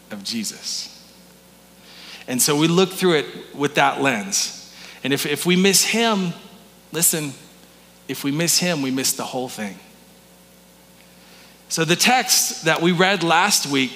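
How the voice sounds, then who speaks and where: A man's voice: fairly high pitch, pushed and bright, in a large hall. A man pastor giving a conversational sermon in a church, asking the congregation questions and restarting his words. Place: church sanctuary.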